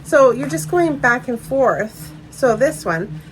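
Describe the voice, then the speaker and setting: A chatty Canadian woman co-hosts a casual podcast from home, rambling easily from one thought to the next and breaking into laughter often. Her voice sits a little on the high side, and a faint hiss runs under it. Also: animated, slow pace. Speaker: podcast co-host. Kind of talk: casual chat.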